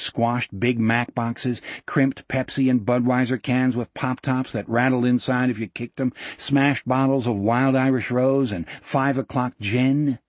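A man narrating a novel as an audiobook in a steady, measured storytelling voice. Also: medium pitch, no echo. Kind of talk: scripted narration.

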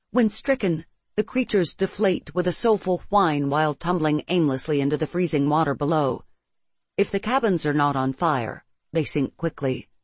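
Steady first-person audiobook narrator. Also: medium pitch, no room sound.

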